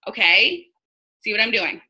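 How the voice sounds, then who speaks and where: Woman, from New York, casual coaching talk, blunt, very bright tone. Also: a little high, very animated, normal speed, breathy edge, rough recording. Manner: chatty, blunt, acts out quoted dialogue. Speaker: direct sales team leader.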